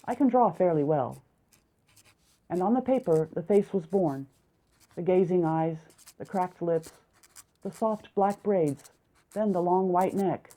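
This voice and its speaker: A woman reading a translated audiobook as narrator, in a lively storytelling manner. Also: fairly low pitch, a little slow. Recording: tinny phone-like sound.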